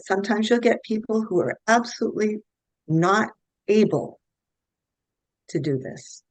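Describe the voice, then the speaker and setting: A woman's voice: mid-range voice, lively intonation, a little slow, long pauses, no room sound, poor audio. A middle-aged woman, a guest health practitioner, telling case stories in an earnest, anecdotal way and restarting her sentences often. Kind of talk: conversational interview storytelling.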